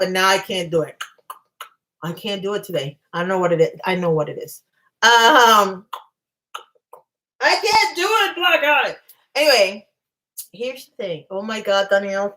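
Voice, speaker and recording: A woman's voice: medium pitch, lively intonation, normal speed, fairly bright tone. A woman hosting a casual livestream, talking in a chatty, emphatic way and reacting to her live chat. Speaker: livestream host.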